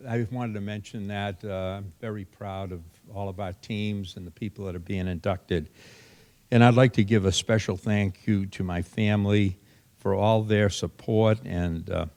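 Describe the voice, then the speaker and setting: A man's voice: medium pitch, a little mellow. An older man giving a folksy, anecdotal hall of fame acceptance speech, acting out the voices of people in his stories.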